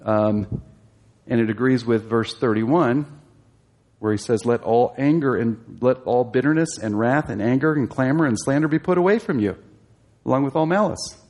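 A man's voice: mid-range voice, normal speed, darkish tone. A man teaching a Bible study class, explaining a passage and asking his listeners questions, growing emphatic as he exhorts.

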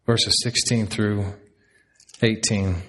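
A man's voice: on the low side, little pitch movement, slow pace, fairly bright tone. A man in his thirties preaching a sermon as a pastor, earnest and repeating key lines for emphasis.

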